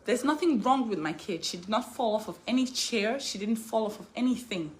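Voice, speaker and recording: A young woman from Africa vlogging straight to camera, her voice sitting a little high. She is indignant and hammers the same phrases again and again, swelling into defiant outbursts. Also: lively intonation, a little fast, a little mellow. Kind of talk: emotional direct-to-camera vlog.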